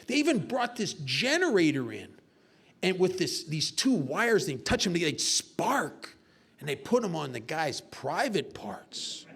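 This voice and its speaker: A man's voice: fairly high pitch, big pitch swings, measured pace, vocal fry, a bit bright, breathy edge. A man giving a personal testimony talk at a recovery meeting, earnest and confessional, telling stories with self-mocking humor.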